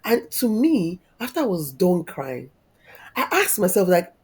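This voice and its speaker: A woman in her thirties with a fairly low voice. She tells a personal story as a podcast guest, openly and reflectively, her feeling close to the surface. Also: very animated, measured pace, darkish tone, slightly rough. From Nigeria. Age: 30s. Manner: heartfelt, reflective, openly emotional.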